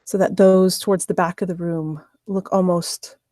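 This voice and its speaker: A woman's voice: lowish voice, steady tone, moderate pace, warm tone, no room sound. A woman narrating as game master of a tabletop game, sometimes hesitant as she searches for words.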